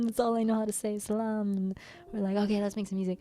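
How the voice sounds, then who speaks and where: A young woman hosting a workshop, telling a playful story in a casual, animated way and acting out the people in it. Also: medium pitch, fairly quick. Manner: animated, playful, slips into quoted voices and humming. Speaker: workshop host.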